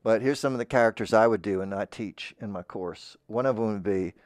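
A man's voice: on the low side, brisk, darkish tone, dry recording, studio quality. A man in a mock-earnest improvised comedy monologue, playing a voice-acting teacher who rambles and keeps interrupting himself.

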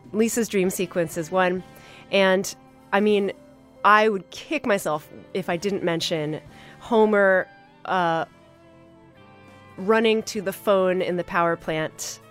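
A woman hosting a podcast, reviewing an episode in a casual, enthusiastic way with many fillers and pauses. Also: fairly low pitch. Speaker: podcast host.

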